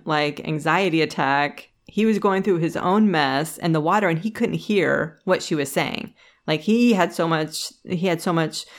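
A woman with a slightly low voice co-hosts a casual podcast chat. She tells stories at length and slips into lively quoted voices, often restarting her sentences. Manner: storytelling, animated when quoting others; frequent restarts and laughs. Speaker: podcast co-host.

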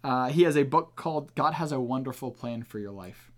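A man's voice: medium pitch, expressive, fairly quick. A man hosting a podcast and teaching on the Bible in an earnest, emphatic, casual way.

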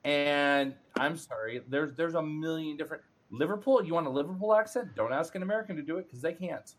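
A man co-hosting a casual podcast panel chat, talking in an animated, playful, teasing way. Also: fairly high pitch, brisk. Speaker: podcast co-host.

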